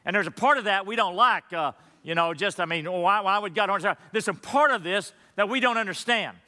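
A man's voice: high-pitched, fairly quick, pushed and bright, big-room sound. A man preaching a sermon as pastor, conversational and emphatic, asking rhetorical questions of his congregation.

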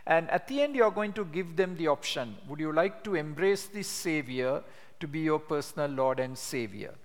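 An older man teaching a class on sharing the gospel, telling stories with animation and reading scripture slowly with emphasis. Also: a little high. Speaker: evangelism trainer. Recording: long hall reverb.

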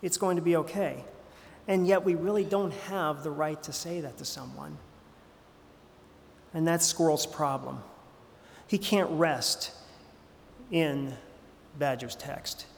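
A man's voice: a little high, takes it slowly, gravelly, long pauses, slight background noise. Conversational male pastor in a reverberant hall. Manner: conversational, with frequent fillers and restarts. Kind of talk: sermon.

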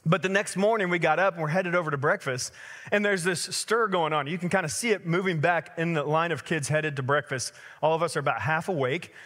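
A man in his thirties preaching a sermon as a pastor, telling stories in a lively conversational way with many fillers. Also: a little high, in a large hall.

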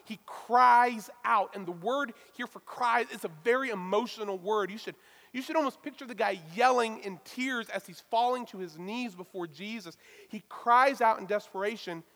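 A man preaching a sermon as a pastor, talking in a casual, lively way with touches of self-deprecating humor. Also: high voice, normal speed, long reverb tail.

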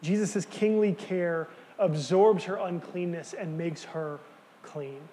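A man preaching a sermon, earnest and emphatic, dropping to quiet words for key lines. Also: sits high, slow, big-room sound, slight background noise. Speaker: pastor.

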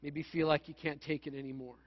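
A man from Manitoba, Canada, preaches in a high voice. His sermon runs like a chat, full of stories and jokes at his own expense. The recording sounds dull and lo-fi. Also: little pitch movement, quick pace. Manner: conversational, storytelling, self-mocking humor. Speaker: pastor.

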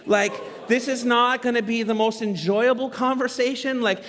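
A man in his thirties telling a story in a sermon as a pastor, animated and poking fun at himself. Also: very high voice, moderate pace. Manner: animated, self-mocking humor. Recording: long reverb from a large hall.

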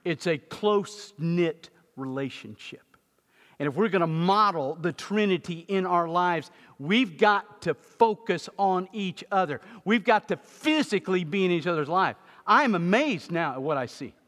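A man preaches a sermon in a church, mixing humorous stories with earnest teaching. His voice sits fairly high and rings bright and forceful, with loud emphatic peaks. The sound carries a long reverb from the sanctuary. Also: expressive, measured pace. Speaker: pastor.

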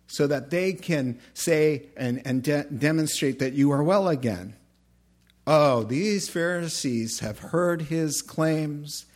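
A man preaching a sermon, emphatic, swinging between loud exclamations and quiet asides. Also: a little high. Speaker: pastor.

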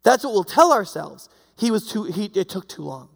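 A man's voice: sits high, big pitch swings, normal speed, creaky, long reverb tail. A man preaching a sermon in a conversational way, full of fillers and rhetorical questions. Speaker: pastor.

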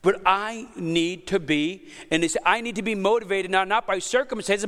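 A man in his fifties, a pastor preaching a sermon in a conversational, energetic way, with joking asides to the congregation. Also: high voice, normal speed, long reverb tail. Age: 50s. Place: church hall.

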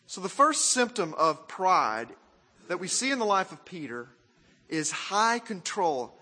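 A man from Arkansas, preaching a sermon in an animated, self-mocking way and asking the crowd questions. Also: sits high, unhurried, slightly rough, in a large hall. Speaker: pastor.

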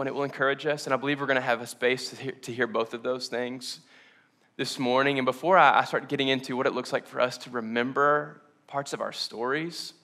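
Bright-voiced young pastor choking up. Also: male voice, medium pitch. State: choked up, near tears. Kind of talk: sermon. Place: church hall with congregation.

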